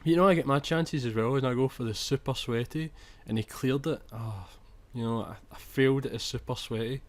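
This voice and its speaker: A young man narrates his football video game footage in a medium-pitched voice, talking a little fast. As a chatty gaming commentator, he restarts sentences and swears whenever annoyed.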